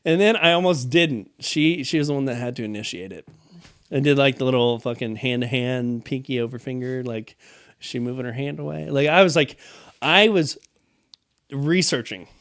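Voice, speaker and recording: A young man rambles through an embarrassing story, poking fun at himself. His voice sits at a middle pitch. The recording is dry and close, with no room echo. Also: moderate pace, a bit bright. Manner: rambling, self-mocking, swears. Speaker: podcast co-host. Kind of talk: casual chat.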